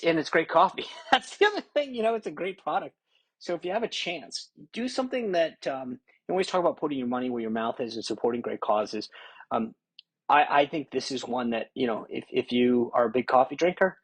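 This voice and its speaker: Middle-aged guy hosting a podcast, bit husky, dry close sound, lots of laughs and restarts. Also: medium pitch, dry recording. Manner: animated, laughing, many restarts. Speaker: podcast host. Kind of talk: casual interview with rapid-fire questions.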